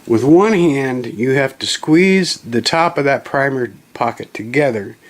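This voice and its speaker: With a medium-pitched voice and lively intonation, a man walks viewers through a reloading tool at his home bench, unhurried and with few pauses. His manner is folksy and rambling, with frequent self-corrections and apologetic asides. The camera mic is held in hand at first and later set on a tripod.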